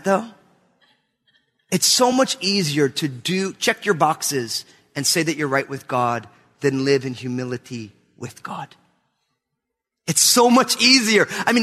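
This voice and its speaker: A man in his thirties preaching a sermon to his church, telling a family story with lively, acted-out voices. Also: high voice, a little slow, husky, in a large hall. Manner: animated storytelling, acts out his kids' voices. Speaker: pastor. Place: church sanctuary.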